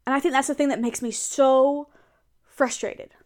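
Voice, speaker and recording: Young woman, slightly high voice, chatty role-play venting to a partner. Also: steady tone, rapid-fire. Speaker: audio role-play performer.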